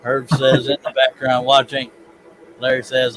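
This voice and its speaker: A man's voice: medium pitch, fairly even intonation, moderate pace. Southern male stream host, chatty, prone to giggles, noisy recording. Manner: chatty, reads chat aloud, giggly. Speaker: livestream host. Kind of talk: casual live stream chat.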